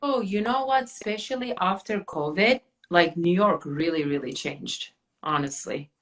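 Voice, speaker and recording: A chatty woman hosting a casual podcast chat, her voice bright and forward. She rambles a little, with plenty of "like" and restarts. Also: lowish voice, normal speed. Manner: chatty, many fillers and restarts. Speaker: podcast host.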